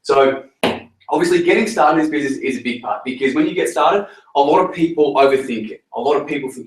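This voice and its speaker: A man's voice: medium pitch, animated, quick pace. A man giving a rousing motivational talk to a group and asking the room questions. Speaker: team leader at a training. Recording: echoey room, recorded from afar.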